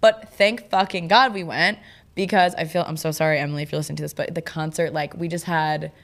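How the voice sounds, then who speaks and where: A young woman co-hosting a podcast, telling a travel story in lively casual chat and acting out the people she quotes. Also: low voice, fast talker. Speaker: podcast co-host.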